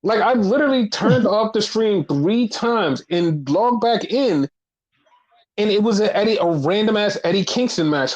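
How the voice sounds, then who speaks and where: Man, wrestling podcast co-host, casual chat, rambling, swearing, animated retellings, fairly high voice. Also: moderate pace, lo-fi sound.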